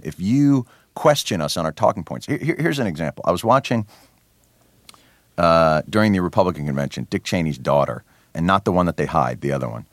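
A man with a very deep voice swings up and down in pitch as he talks. He sounds sardonic and animated, tripping into restarts as his thoughts outrun his words. The sound is close and dry, as from a studio mic. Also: dry recording. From New Jersey. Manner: many restarts and fillers. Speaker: interview guest, comedy show host. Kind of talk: radio interview.

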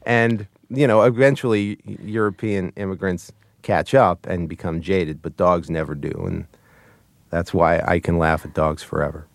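Guy with a lowish voice telling stories in an interview, lots of uhs and chuckles, dry close mic. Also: normal speed, vocal fry, no room sound. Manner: hesitant, full of restarts and chuckles. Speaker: puppeteer guest. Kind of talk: casual interview talk.

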